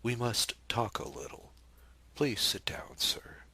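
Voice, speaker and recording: A man's voice: mid-range voice, lively intonation, slow, pushed and bright, slightly rough, no room sound, whispered, pitched above the performer's own voice, full character voice. A man reading aloud as a poised young wife who asks lightly mocking questions and keeps her husband in check. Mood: soothing, firm. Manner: light, coolly teasing questions.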